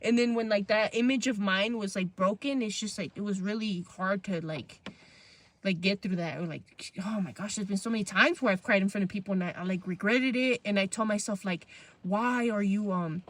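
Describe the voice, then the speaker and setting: With a brisk, mid-range voice, a twenty-something podcast co-host casually recounts stories from her younger years, candid and sprinkled with profanity.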